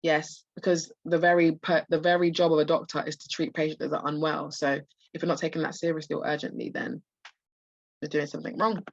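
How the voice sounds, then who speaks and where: A woman tutor, hoarse and losing her voice, walks students through practice test answers with many restarts and fillers. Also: low voice, little pitch movement, a little fast, dry recording, highs cut off. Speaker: medical school admissions tutor. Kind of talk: live online practice test walkthrough.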